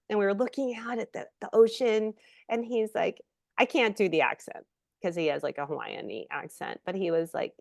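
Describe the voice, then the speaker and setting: A middle-aged woman, an actress guest in a casual interview, telling lively stories and acting out quotes. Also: medium pitch, creaky, no room sound, clean studio sound. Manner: animated storyteller, acts out quotes.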